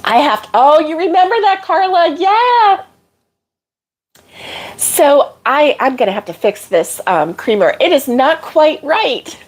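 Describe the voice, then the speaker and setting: A woman's voice: high voice, sing-song, a little slow. A middle-aged woman hosting a casual live stream from her kitchen at home, chatting in a rambling way with lots of fillers.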